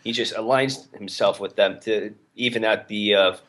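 A man's voice: lowish voice, steady tone, moderate pace, a bit bright. A man co-hosting a podcast in casual chat, rambling and hesitant, with many fillers. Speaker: podcast co-host.

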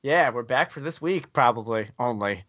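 A man hosts a podcast in casual conversation, rambling and joking with plenty of filler words. His medium-pitched voice is lively, bright, and normal in speed, captured on a dry, dull lo-fi recording.

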